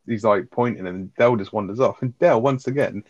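Bloke rattling on about a sitcom, says like a lot, slightly muffled dry sound. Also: male voice, on the low side, no room sound. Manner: quick, chatty, swears casually, sprinkles in "like". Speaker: podcast co-host. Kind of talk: casual chat recapping a sitcom episode.

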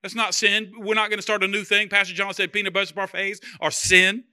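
A male pastor preaching with a high, very bright and forceful voice. His sermon is conversational and humorous. He often repeats his phrases for emphasis. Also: level tone, brisk, clean tone.

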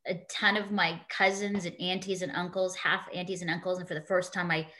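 A woman's voice: on the low side, flat delivery, fairly quick, pushed and bright. Earnest woman telling a heartfelt story. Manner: earnest, heartfelt, with frequent fillers. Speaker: interview guest. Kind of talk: emotional personal storytelling.

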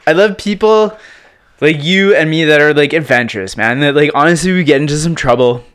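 A man from Prince Edward Island, a guest on a casual podcast, talking in a relaxed, slangy, rambling way. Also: a little high, a little fast, smooth. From Prince Edward Island, Canada.

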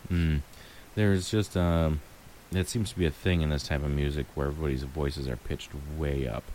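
A man with a remarkably deep, low voice talks through a movie in easygoing chat. He muses aloud, trails off, and laughs lightly between thoughts. A faint hiss sits under the recording. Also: moderate pace. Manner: relaxed, musing, frequent ums and light laughs. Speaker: co-host reviewing a movie. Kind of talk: casual chat.

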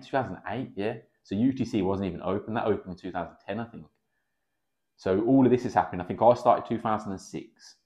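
Brief: guy in his thirties, deep voice, rapid casual storytelling, sweary, slightly dull podcast audio. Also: a little mellow. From England. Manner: chatty, swears freely, acts out quoted dialogue. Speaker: podcast guest, kickboxing coach.

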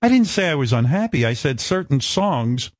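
Brash, animated male radio host. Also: medium pitch, normal speed, no echo, studio quality. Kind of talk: radio talk show banter.

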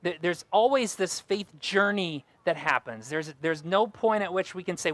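A man's voice: high voice, expressive, normal speed, a bit bright, no echo. A young adult man preaching a sermon as pastor, earnest and fond of repeating key phrases.

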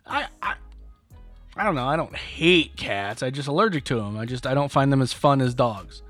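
A man's voice: mid-range voice, animated, moderate pace, a bit bright, dry recording, soft background music. A man co-hosting a podcast in casual chat, joking and restarting his sentences a lot. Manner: chatty, stammering restarts, jokey. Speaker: podcast co-host.

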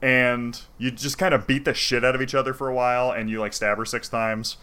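A man in casual chat, retelling a game's story in an animated, profane way. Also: mid-range voice, fairly quick, clear, resonant tone. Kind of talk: casual chat retelling a video game plot.

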